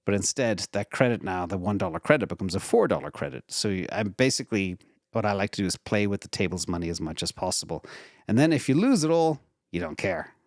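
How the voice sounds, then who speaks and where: Host, male, lowish voice, loose conversational delivery with lots of "um"s and self-corrections, dry close sound. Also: expressive, quick pace, dry recording. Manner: casual, rambling explanations with frequent fillers and restarts. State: retired from regular work. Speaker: investing channel host. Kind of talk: live Q&A answering viewer questions.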